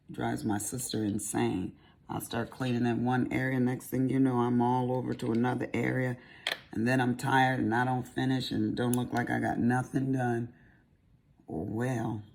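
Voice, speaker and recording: Chatty, folksy Southern woman with a gravelly, low, dark voice. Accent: Southern American. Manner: chatty, rambling, folksy asides. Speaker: crafting vlogger. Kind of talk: casual chat while diamond painting.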